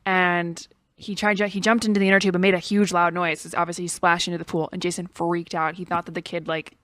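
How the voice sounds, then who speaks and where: Casual female podcast co-host, rambling storyteller, low-pitched, dry studio mic. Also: flat delivery, quick pace, fairly bright tone, no echo. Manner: storytelling with frequent "like" and laughter. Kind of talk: casual chat.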